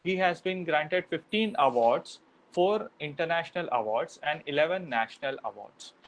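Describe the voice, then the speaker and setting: A man's voice: on the high side, lively intonation, normal speed, low-quality recording. A man moderating a webinar, welcoming guests and formally reading out a speaker's introduction.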